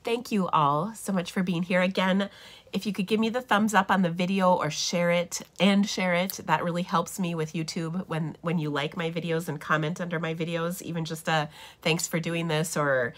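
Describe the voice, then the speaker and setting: A woman's voice: on the low side, fairly even intonation, normal speed. A middle-aged woman hosting a papercraft livestream, chatting casually and enthusiastically with lots of fillers, sounding a bit nasal from feeling unwell.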